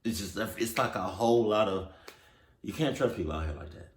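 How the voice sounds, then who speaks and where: A man with a fairly low voice riffs casually on a story, loose and slangy, talking straight to his audience. His voice carries a noticeable roomy echo. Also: animated, a little fast. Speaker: reaction video host. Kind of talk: casual reaction commentary.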